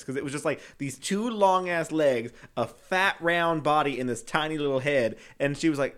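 A young man co-hosting a podcast in casual chat, telling childhood stories with frequent laughter and high-pitched acted-out quotes. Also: moderate pace. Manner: animated storyteller, laughs often, acts out quotes in high voices. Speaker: podcast co-host.

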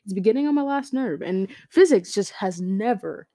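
A woman's voice: medium pitch, lively intonation, moderate pace, warm tone, no room sound, studio quality. Chatty teenage girl podcasting from bed. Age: teens. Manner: rambling, giggly, many fillers and self-interruptions. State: tired. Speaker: podcast host. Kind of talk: casual chat. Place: on her bed at home. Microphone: home podcast mic.

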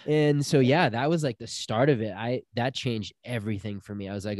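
A man's voice: mid-range voice, fairly quick, few pauses, no room sound, clean studio sound. A young man telling a personal story in casual chat, acting out the people he quotes. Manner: animated storyteller, acts out quotes.

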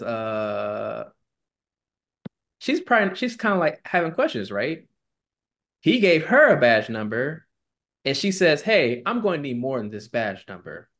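A man co-hosting a casual podcast, telling a story animatedly and quoting the people in it. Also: fairly high pitch. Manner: animated retelling, quoting people in put-on tones. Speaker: podcast co-host.

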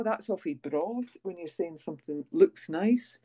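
A woman from Scotland, an English teacher, with a softened Scottish accent, speaking carefully and clearly in an interview. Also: fairly low pitch, big pitch swings, moderate pace.

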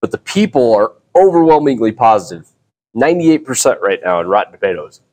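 A man's voice: medium pitch, big pitch swings, fairly quick, a little mellow. A middle-aged man hosting a casual solo podcast, talking in a rambling, easygoing way with frequent restarts. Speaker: podcast host.

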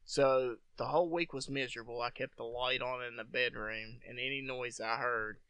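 A man's voice: mid-range voice, moderate pace, clean tone, dry recording, lo-fi sound. A man telling a long story in a casual, profane chat, acting out what people said. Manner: profane, animated storyteller who acts out quotes.

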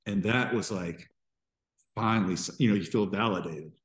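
Very low and deep, this man's voice carries an emotional account of his own struggles while he appears as a podcast guest from Georgia. The candid talk moves in halting spurts, his sentences breaking off, starting over, and circling back as he processes his emotions.

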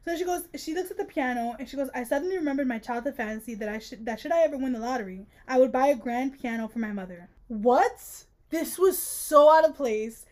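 A woman's voice: sits high, a little fast, hardly any pauses. A woman co-hosting a casual book-club podcast, reading passages aloud and riffing on them with exasperated jokes. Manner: animated, reads quotes aloud and riffs with exasperated jokes. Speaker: podcast co-host.

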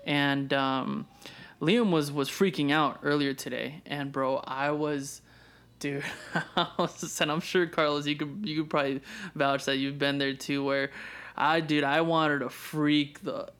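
A young man chatting loosely on a podcast, circling back over his words and cursing casually. His voice sits a little higher than most men's. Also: fairly even intonation, a little slow, fairly bright tone, clean tone. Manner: rambling, many restarts and swearing. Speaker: podcast co-host. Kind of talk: casual chat.

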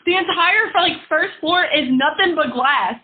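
A woman's voice: sits high, a little slow. A young woman co-hosting a podcast, chatting casually and animatedly, laughing often and acting out what her friends said. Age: young adult. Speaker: podcast co-host. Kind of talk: casual chat. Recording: tinny phone-like sound.

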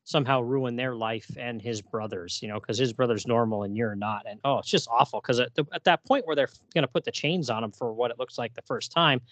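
A man hosting a casual podcast chat about comics, animated and reading dialogue aloud. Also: medium pitch, fairly quick, few pauses, no echo. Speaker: podcast host.

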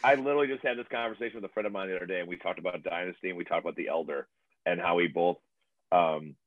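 A man in his late forties talking in a rambling, excitable way, swearing freely in casual chat. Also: deep voice, racing, no echo. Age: late 40s. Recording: tinny phone line.

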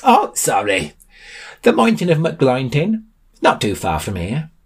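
A man voicing a forgetful, doddering little old man who rambles in a high, wavering voice. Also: wildly swooping pitch, measured pace, husky, full character voice. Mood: muddled. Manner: rambling and muddled.

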